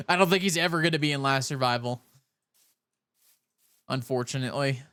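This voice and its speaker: A young man from California streaming a game, chatting in a rambling way and talking with a soft put-on Southern cowboy drawl. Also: medium pitch, normal speed, clear, resonant tone, dry recording. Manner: rambling, chatty, self-interrupting. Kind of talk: casual live-stream chat while gaming.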